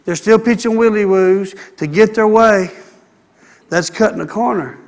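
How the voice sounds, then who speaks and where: A man preaching a sermon, animated and acting out the people he quotes. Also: high-pitched, moderate pace, long reverb tail. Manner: animated, acts out quoted people, calls for amen.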